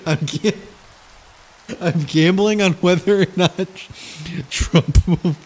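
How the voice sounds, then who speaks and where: A man's voice: high voice, takes it slowly, darkish tone. A man streaming a game, chatting casually, rambling and giggling as he trails off. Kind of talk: casual gaming commentary.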